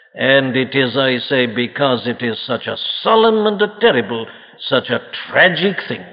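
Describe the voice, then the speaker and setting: A man preaching a solemn, emphatic sermon to a congregation, asking rhetorical questions. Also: a little high. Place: church congregation. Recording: lo-fi archive recording with long hall reverb.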